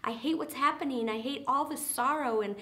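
A woman's voice: sits high, a little fast, pushed and bright, pitched above the performer's own voice. A woman voicing a desperate leper begging for help, pleading in a raised, urgent voice.

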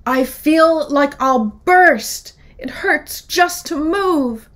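A woman's voice: sits high, very slow, fairly bright tone, pitched above the performer's own voice, exaggerated voice. A woman voicing a male wolf with a bellyache, moaning and dramatic. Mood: pained. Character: aching, groaning male wolf.

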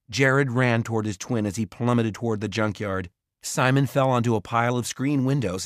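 A man reading a children's fantasy audiobook in a measured, expressive narration. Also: medium pitch, no echo, clean studio sound. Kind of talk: scripted narration.

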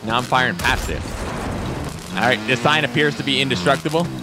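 A man's voice: mid-range voice, fairly quick, loud music behind the voice. A man playing a video game, joking and thinking aloud in casual let's-play commentary. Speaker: gaming streamer. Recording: game sounds and noise behind.

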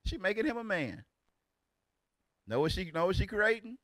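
A man in his forties delivers animated preaching commentary, his pitch leaping all over as he exclaims and banters in street talk. His voice is bright and sharp and sits fairly high, with a dry, close sound. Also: moderate pace, no room sound. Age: 40s. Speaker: teacher of a religious group.

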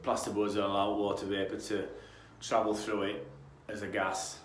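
A man's voice: on the low side, completely flat delivery, moderate pace, a little hiss or hum. Chatty Yorkshire tradesman in an echoey room. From Yorkshire, England. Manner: rambling, chatty, with frequent restarts and tangents. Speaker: damp-proofing tradesman. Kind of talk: casual on-site explainer.

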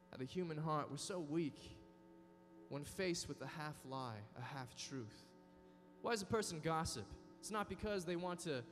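A man giving a dynamic sermon to a youth conference, acting out inner voices. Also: a little high. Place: large conference hall. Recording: reverberant hall with soft music.

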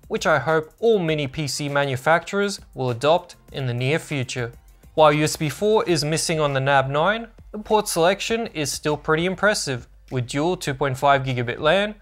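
A man's voice: fairly high pitch, fairly bright tone. A man narrating a scripted product review as a tech channel host, upbeat and informative.

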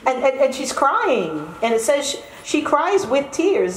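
A woman singer introducing a folk song on stage, telling its sad story gently and unhurriedly. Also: sits high, very animated, unhurried, a little hiss or hum. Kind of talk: slow spoken song introduction at a concert. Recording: echoey hall with faint music.

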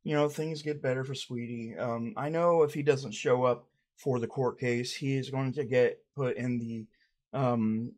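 A man hosting a comedic mock interview, talking low and deadpan with hesitant restarts. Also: measured pace. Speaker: parody interviewer.

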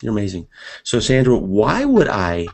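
A man's voice: lowish voice, wildly swooping pitch, moderate pace, creaky, darkish tone. A man teaching a live seminar, talking energetically and conversationally and speaking directly to his audience.

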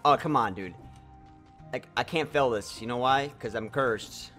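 Excitable young man commenting on his gameplay. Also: mid-range voice, measured pace, faint music behind. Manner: excitable, swears, talks to viewers. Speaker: game streamer.

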